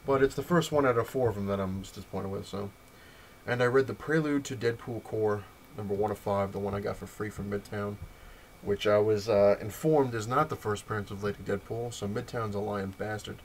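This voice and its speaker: A man's voice: on the low side, fairly even intonation, a little fast, slight background noise. A man casually vlogging about comic books, rambling and retelling conversations with lots of "I was like" asides. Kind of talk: casual vlog storytelling and comic review.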